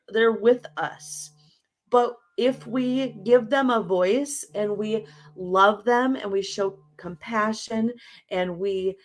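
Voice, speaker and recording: A woman guest in a casual interview, talking reflectively through an analogy and often checking in with "right?". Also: a little high. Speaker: podcast guest.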